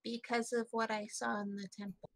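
A woman's voice: a little high, flat delivery, moderate pace, creaky. A woman voicing a young female bird-folk adventurer who stammers and hedges nervously in a tabletop game. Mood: evasive. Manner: stammering, hesitant, nervous laughs. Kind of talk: role-playing a character in a tabletop game.

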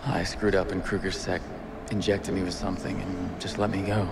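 An actor playing an injured male resistance fighter who speaks low, quiet and weary in a video game. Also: flat delivery, normal speed, creaky. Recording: noisy game audio capture.

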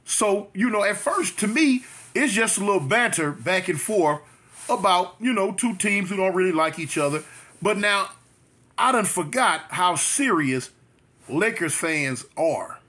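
A man's voice: high-pitched, lively intonation, measured pace, bright, forceful tone. A man in his fifties from South Central Los Angeles, telling a story to his channel in a chatty way, with repetitions and street slang. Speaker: vlogger. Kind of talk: storytime monologue.

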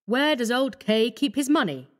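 A woman voicing a cold, scheming young male doctor who talks calmly and menacingly. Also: a little high, moderate pace, voice pushed up, close to an everyday voice. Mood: coaxing. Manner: calm, coaxing, menacing.

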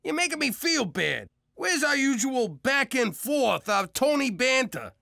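An actor voicing a blustery mob loan shark and soft-hearted dad in an adult cartoon. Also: male voice, extremely high pitch, sing-song, a little slow, vocal fry, no room sound, studio quality, full character voice. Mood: bossy. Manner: brash street talk, blustery. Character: mobster dad, brash but soft-hearted.

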